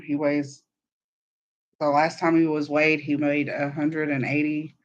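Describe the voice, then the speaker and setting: A woman hosting a casual livestream chat, telling meandering, chatty stories. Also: low voice. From Southern United States. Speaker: podcast host.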